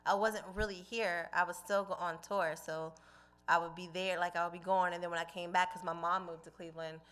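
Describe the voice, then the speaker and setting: A woman's voice: on the low side, level tone, a little fast, a bit bright, clear, resonant tone. A young woman from New Jersey, a singer and guest, chatting in an outspoken, chatty way. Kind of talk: casual interview chat.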